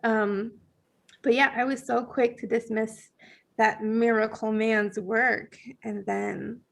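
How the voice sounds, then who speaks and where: A woman tells a personal story on a podcast with a loose, chatty, animated delivery. Her voice sits a little high and carries a gravelly fry. She fills her talk with little fillers and acts out what she was thinking. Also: takes it slowly. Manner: animated, many fillers, acts out her own past thoughts. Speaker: podcast guest. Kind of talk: casual storytelling.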